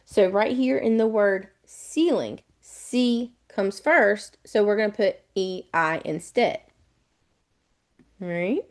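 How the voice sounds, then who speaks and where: Southern US woman, test prep tutor, chatty, repeats each step, mid-pitched. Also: lively intonation, slow. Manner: chatty, repetitive step-by-step explaining. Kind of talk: live online webinar lesson.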